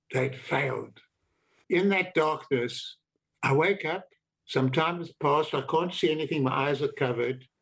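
Older man, slightly high voice, reflective personal storytelling, deliberate and emphatic. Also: vocal fry, breathy edge, low-quality recording. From South Africa. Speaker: interviewee recounting his life.

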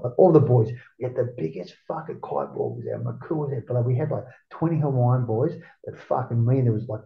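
Gravelly Australian man, rambling story. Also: medium pitch. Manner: rambling, profane, acts out quotes. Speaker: guest, former surfer. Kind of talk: casual storytelling. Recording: roomy, dull lo-fi sound.

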